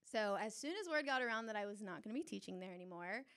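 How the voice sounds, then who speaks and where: A young adult woman telling a personal story on stage before a live audience, animated and chatty, often laughing. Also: mid-range voice, fast.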